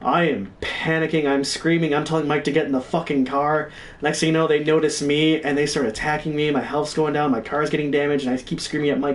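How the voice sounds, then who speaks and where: A young man telling gaming stories in a casual, profane, animated way. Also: fairly high pitch, brisk, far from the mic. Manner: profane, animated, reenacts his own yelling. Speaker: stream co-host. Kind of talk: casual storytelling.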